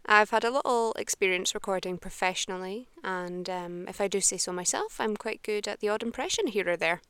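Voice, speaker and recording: A woman's voice: medium pitch, fairly quick, few pauses, fairly bright tone, clear, resonant tone, no echo. Edinburgh Scottish woman, voice actor, self-assured demo intro, close and dry. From Scotland.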